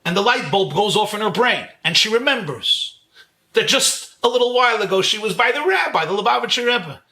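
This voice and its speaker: A man from Brooklyn, a rabbi telling a story in an animated lecture over a video call, full of rhetorical questions. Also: high voice, brisk. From Brooklyn, New York. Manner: animated, rhetorical questions, chuckles at own jokes.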